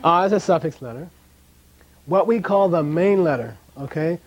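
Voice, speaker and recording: A man's voice: on the high side, animated, normal speed, highs cut off. A man teaching a language class in a classroom, chatty, often checking in with "okay?" and drilling pronunciation.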